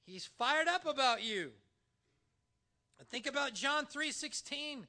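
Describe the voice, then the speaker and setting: A man delivering a sermon with a very high pitch and a bright, tense edge. He preaches in an animated, emphatic way and stretches key words with dramatic pauses. He speaks in a church. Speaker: pastor.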